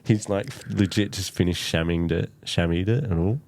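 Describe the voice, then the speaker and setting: Podcast guest: man, low and gravelly, loose profane storyteller. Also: moderate pace. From Australia. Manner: loose, profane storytelling with lively quoted voices. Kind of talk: casual storytelling chat.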